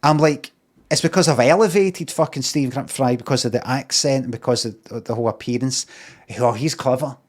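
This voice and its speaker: A man's voice: mid-range voice, a little fast. A Scottish man streaming, talking in a rambling, sweary way with lots of ums and uhs. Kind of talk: casual rambling monologue.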